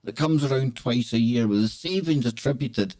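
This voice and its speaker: Guy hosting a live chat show, jokey and playful, mid pitch. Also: normal speed, dark tone. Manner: jokey, playful, breaks into laughs and exclamations. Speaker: host.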